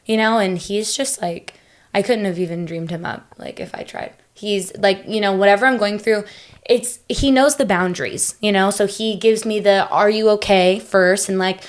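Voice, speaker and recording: A woman's voice: medium pitch, fairly even intonation, normal speed. Chatty young woman, rambling and open. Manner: chatty, many fillers and restarts. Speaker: podcast guest. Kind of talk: casual conversational interview.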